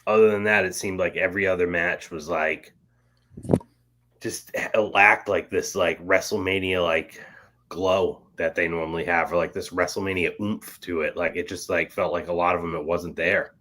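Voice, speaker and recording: A man's voice: deep voice, steady tone, moderate pace, bright, forceful tone. A man co-hosting a casual review chat, laid-back and hesitant, with lots of filler words. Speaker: co-host.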